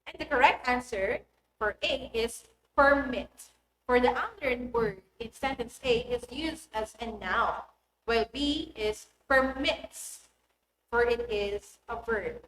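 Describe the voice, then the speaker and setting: A woman teaching an online English lesson, speaking in a clear and deliberate instructive manner. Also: on the high side. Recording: echoey room with faint noise.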